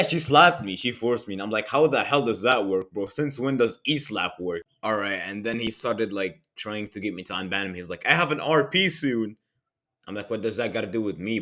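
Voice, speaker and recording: A young man with a slightly low voice narrates a storytime vlog. He retells events in an animated, mocking way. His speech is full of casual slang. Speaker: channel host.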